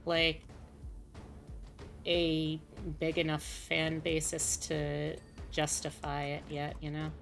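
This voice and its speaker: A woman with a low voice, unhurried, talks to her live-stream chat while she plays. She rambles and thinks out loud, circling back with fillers. Soft music sits faintly in the background. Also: completely flat delivery, gravelly. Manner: rambling, musing aloud with many fillers.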